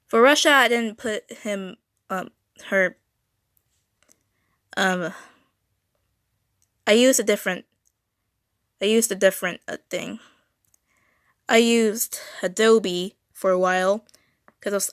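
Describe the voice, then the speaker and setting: Teen girl streamer, mid-pitched, rambling and stuttering, dry close sound. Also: clean tone, no echo. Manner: rambling, stuttering, self-correcting. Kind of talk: casual drawing livestream chat. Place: home room.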